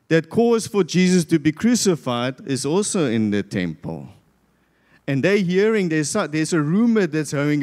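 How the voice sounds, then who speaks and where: In a church hall with long, echoing reverb, a South African man serves as pastor and delivers a sermon. His voice is a little high with a darkish tone as he recounts a Bible story, voicing the crowd himself.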